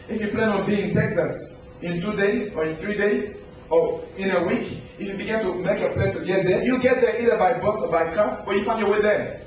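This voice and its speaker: Man preaching, higher voice, keeps asking the crowd stuff, echoey far-off dull recording. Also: noisy background. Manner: asks the audience questions, acts out quoted people in a high voice. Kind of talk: motivational sermon.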